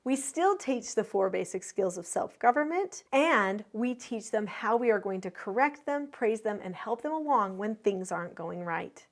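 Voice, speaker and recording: Middle-aged woman, slightly high voice, clear explainer, parenting teacher. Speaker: parenting educator. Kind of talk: instructional talk to parents.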